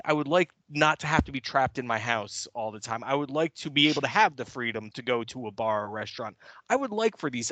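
A man's voice: mid-range voice, fairly bright tone, dry recording. A man, co-hosting a podcast, talking bluntly and heatedly and cursing as he rants. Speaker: podcast co-host. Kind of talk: casual podcast chat. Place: New York City.

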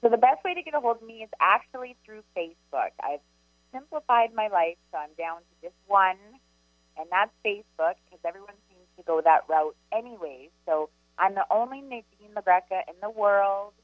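A woman's voice: mid-range voice, no room sound. Chatty medium lady on radio, muffled lo-fi line, dry sound. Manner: chatty, animated storyteller, quick asides. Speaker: psychic medium co-host. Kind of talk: casual spiritual talk radio chat.

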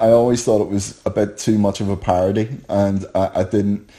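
Halting Northern Irish writer. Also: male voice, fairly low pitch, fairly even intonation, dark tone. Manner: halting, thinking aloud. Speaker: comic writer. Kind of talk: casual interview talk.

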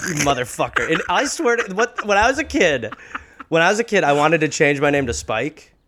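Lively, animated comedian man. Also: on the high side, fairly quick, noisy background. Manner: animated storyteller, breaks into shouted impressions. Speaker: podcast co-host. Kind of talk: casual comedy chat.

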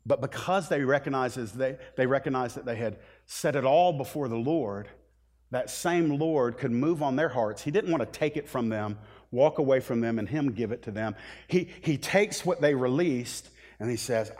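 A man preaching a sermon as pastor, animated, dropping to a hush and then rising to loud, pleading lines. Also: mid-range voice, moderate pace. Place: church sanctuary.

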